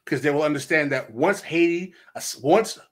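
Animated man telling history. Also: a little high, moderate pace. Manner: animated storyteller who acts out quotes. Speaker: guest author. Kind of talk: podcast conversation.

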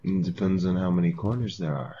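Deep, dark-voiced man joking along. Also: brisk, husky, highs cut off. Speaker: co-player. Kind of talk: let's play commentary.

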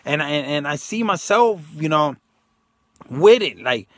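A man's voice: a little high, animated, measured pace, a bit bright, dry recording, clean studio sound. A man talking casually and emphatically to his viewers in a rambling monologue, slipping into slang and acting out quotes. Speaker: self-help video host.

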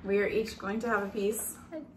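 A woman's voice: medium pitch, quick pace. Cheerful woman hosting in an echoey room. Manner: cheerful, giggly, leading the kids. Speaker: host. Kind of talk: casual family snack-tasting chat. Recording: echoey room, camera from a distance, faint noise.

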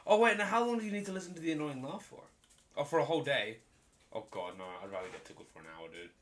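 A young man reads would-you-rather questions with a lively, bouncing pitch, laughing and cursing freely as he chats. His voice sits in an echoey room, with faint noise underneath. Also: fast talker. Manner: laughs often, swears casually.

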